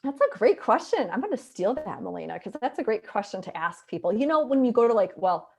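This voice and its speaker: A woman's voice: fairly high pitch, very animated, fairly quick, gravelly, highs cut off. Nasal Wisconsin woman guest. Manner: chatty and upbeat. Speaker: guest, physician and author. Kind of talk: casual interview talk.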